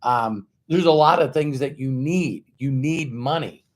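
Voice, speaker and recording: A man speaking as a motivational speaker, at an ordinary middle pitch for a man. He talks in a loose, conversational way, leans hard on repeated words and acts out the voices in his stories. He keeps asking the listener rhetorical questions. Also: a little slow. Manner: emphatic, repeats words for stress, acts out quoted dialogue. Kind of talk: motivational talk with storytelling.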